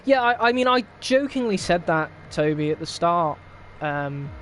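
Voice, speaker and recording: Man, young adult, stream host, casual rambling chat, wry chuckles, slightly high pitch. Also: lively intonation, moderate pace, a bit bright, a little hiss or hum. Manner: rambling, wry, laughs often at the chaos.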